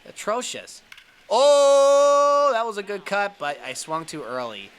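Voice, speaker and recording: Excitable young man with a very bright voice. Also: normal speed. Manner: excitable, talks to himself, groans and cheers at each pitch. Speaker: gaming YouTuber. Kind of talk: live baseball video game commentary.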